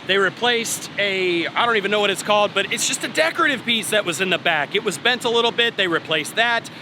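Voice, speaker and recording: A man's voice: sits high, lively intonation, a little fast. Chatty trucker man at a noisy truck stop. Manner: chatty, upbeat, trails off and restarts. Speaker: trucker vlogger. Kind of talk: casual vlog talk to camera. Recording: outdoor traffic and vehicle noise.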